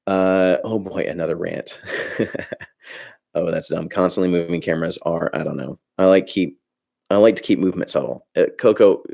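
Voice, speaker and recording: Gravelly low-voiced man ranting casually. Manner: rambling, animated ranting with frequent restarts; reads out chat comments. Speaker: filmmaking YouTuber hosting a livestream. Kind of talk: casual livestream chat.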